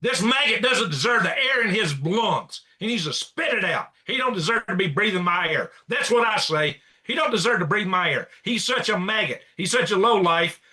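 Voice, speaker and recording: A man's voice: high voice, animated, normal speed, few pauses, sharp tone, slightly rough. A man hosting a commentary show, reacting to clips with blunt, indignant rants and repeated insults. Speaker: news commentary host.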